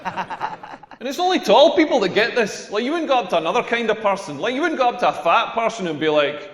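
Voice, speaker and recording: A Scottish man in his forties performs stand-up in a roomy venue with a long reverb tail. His voice sits high, and his delivery is animated and mocking. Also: fairly quick, slight background noise. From Scotland. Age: 40s. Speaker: stand-up comedian. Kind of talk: stand-up comedy set. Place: comedy club stage before a live audience.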